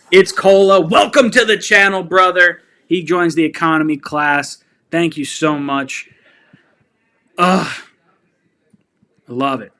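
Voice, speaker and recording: A man hosting a live fan stream who reads viewer comments and gets excitable and fired up, laughing and shouting. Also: on the high side, creaky. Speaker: sports fan channel host.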